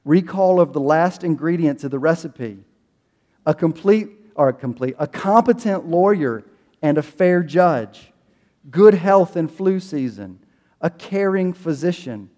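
A male pastor with a high voice preaches in a loose, conversational way, slipping into voices for prayers and quotes. His voice rings with the long reverb of a big room. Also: lively intonation, unhurried, mellow. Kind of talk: sermon.

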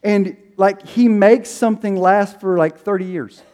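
A man's voice: high voice, fairly even intonation, unhurried, darkish tone, big-room sound. A man in his forties preaching a sermon in a casual, conversational way, acting out prayers and quoted speech. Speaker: pastor.

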